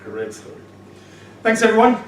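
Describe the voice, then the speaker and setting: A man's voice: high-pitched, normal speed. A man giving a live motivational presentation to an audience, telling stories animatedly and acting out dialogue, recorded from a distance in an echoey room with faint noise. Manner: animated storyteller, acts out dialogue. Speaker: motivational speaker.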